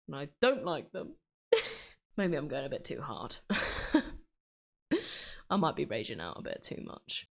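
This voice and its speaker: A woman's voice: low voice, wildly swooping pitch, a little slow, vocal fry, long pauses. A woman chatting casually while she draws, self-mocking and laughing often. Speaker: drawing vlogger. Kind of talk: casual chat while drawing.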